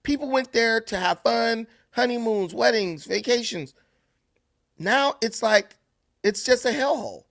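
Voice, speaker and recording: A man's voice: extremely high pitch, animated, unhurried, creaky, a bit bright, dry recording, clean studio sound. Emphatic sarcastic male commentator. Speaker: political commentator. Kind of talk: opinion commentary.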